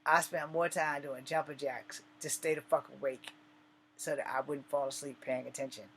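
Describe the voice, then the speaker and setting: A man's voice: fairly high pitch, fairly even intonation, moderate pace, fairly bright tone, slight background noise. A man casually telling an army story in a loose, profane, laid-back way.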